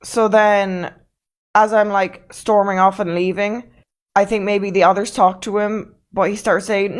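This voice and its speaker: A woman's voice: medium pitch, steady tone, normal speed. Blunt, swearing woman telling a story. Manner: blunt, swears freely, emphatic. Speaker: streamer. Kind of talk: casual storytelling on a livestream.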